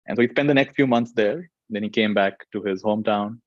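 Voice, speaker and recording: A man's voice: on the low side, dry recording. Man telling a teaching story, dull dry sound. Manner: gentle, unhurried storytelling with frequent fillers. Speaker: meditation teacher. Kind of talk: storytelling dharma talk.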